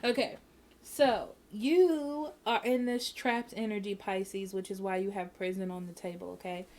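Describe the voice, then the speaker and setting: A woman's voice: mid-range voice, steady tone, unhurried, a little mellow. A woman giving a casual tarot reading at home, speaking frankly and repeating herself, often checking in with "okay?". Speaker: tarot reader.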